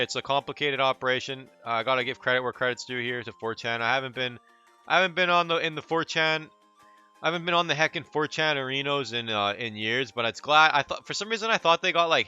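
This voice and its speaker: A man with a very bright, sharp-edged voice talks in a blunt, profane, rambling commentary style, tripping over restarts. The audio is dull and lo-fi, with faint music underneath. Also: mid-range voice, smooth. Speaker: commentary channel host. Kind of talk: casual ranting commentary.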